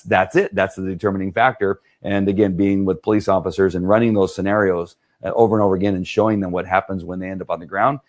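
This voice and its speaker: A man who trains dogs, talking earnestly to viewers on a live stream, with many fillers and restarts. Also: fairly low pitch. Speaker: dog trainer.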